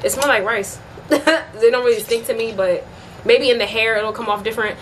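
A woman's voice: fairly high pitch, steady tone, a little fast, a little hiss or hum. A young woman in her twenties talking casually to her camera in a home vlog, upbeat and chatty, laughing often and using lots of fillers. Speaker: vlogger.

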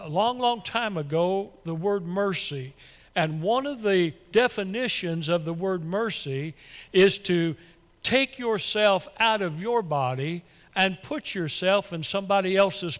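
Excitable high-voiced preacher in reverberant church. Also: male voice, measured pace. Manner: excitable, folksy, stumbles and repeats when worked up. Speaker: pastor. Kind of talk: sermon. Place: church sanctuary.

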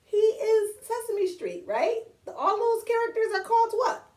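A woman's voice: very high-pitched, normal speed. A woman reading a picture book aloud to children, asking them questions and coaxing them along. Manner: animated, questions to young listeners. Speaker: storytime reader. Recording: echoey room, distant mic.

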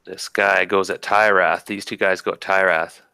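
Deep bright-voiced man running a game. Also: flat delivery, moderate pace, creaky, clear, resonant tone, no room sound. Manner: casual, thinking aloud while rolling dice. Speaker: game master. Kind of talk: running a tabletop game, narrating combat.

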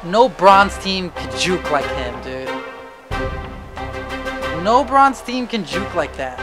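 Excitable young man yelling over football gameplay. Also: sits high, takes it slowly, loud music behind the voice. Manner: excitable, yelling and swearing at the game. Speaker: gamer commentating his own match. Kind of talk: casual gameplay commentary.

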